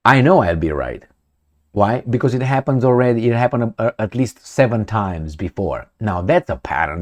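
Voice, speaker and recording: Sarcastic, animated male commentator. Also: medium pitch. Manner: animated, sarcastic, mouths sound effects. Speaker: political commentator.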